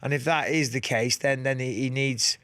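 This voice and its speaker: A man's voice: mid-range voice, steady tone, moderate pace, fairly bright tone, no room sound. A man with a northern English accent, talking frankly as a guest in a casual studio interview and laughing easily. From England. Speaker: guest fighter. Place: radio studio.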